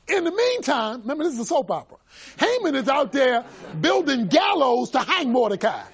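Animated male preacher, very high and expressive voice, storytelling sermon with bursts of shouting. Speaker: pastor.

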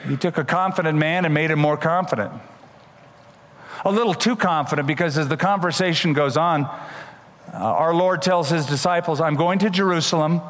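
Male pastor, somewhat high voice, emphatic sermon delivery, long hall reverb. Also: normal speed. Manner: animated, emphatic Bible storytelling.

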